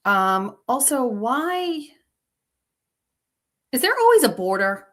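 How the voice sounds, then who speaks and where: Slow, bright-voiced flustered woman host. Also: a little high, very animated. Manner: flustered, fixing her stream settings live, talking to herself. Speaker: show host. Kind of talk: casual livestream chat.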